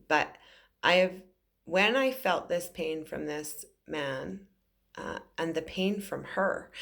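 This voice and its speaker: A woman's voice: deep voice, creaky, fairly bright tone. A woman in her forties, a psychic medium, telling an emotional story to camera in an earnest, rambling way with many fillers. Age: 40s.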